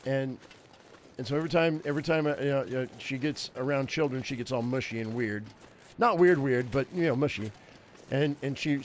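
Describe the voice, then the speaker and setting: Chatty rambling man in his fifties. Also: fairly high pitch. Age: 50s. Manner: rambling, chatty anecdote-teller. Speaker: game streamer. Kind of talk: casual storytelling chat.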